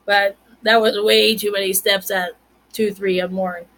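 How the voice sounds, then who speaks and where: A woman in her forties hosting a casual comedic vlog, telling stories in a chatty, animated way with playful asides. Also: mid-range voice, normal speed, poor audio. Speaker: vlog host.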